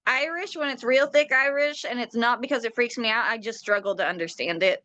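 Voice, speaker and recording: A woman's voice: a little high, sharp tone, dry recording, dull audio. A woman co-hosting a podcast, chatting casually, laughing often and humming along as she listens. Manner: laughs often, drawn-out hums. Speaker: podcast co-host. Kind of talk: casual chat.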